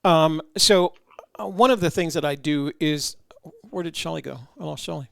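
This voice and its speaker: A man's voice: a little high, moderate pace, vocal fry, a bit bright, no echo, clean studio sound. A man hosting a casual livestream chat. He rambles in a friendly way, with lots of fillers and restarts. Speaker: host.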